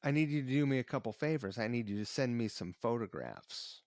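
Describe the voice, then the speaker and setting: A man's voice: mid-range voice, lively intonation, fairly quick, a little mellow, dry recording, clean studio sound. A man hosting a podcast in a laid-back, chummy, profane way, chatting casually from home. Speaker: podcast host. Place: home on the East Coast.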